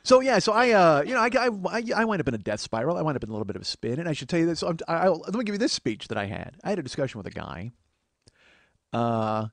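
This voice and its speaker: A man's voice: on the high side, sing-song, quick pace, vocal fry, a bit bright, no echo, studio quality. A man in his forties giving a rambling, profane, self-deprecating comic monologue as a podcast host. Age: 40s.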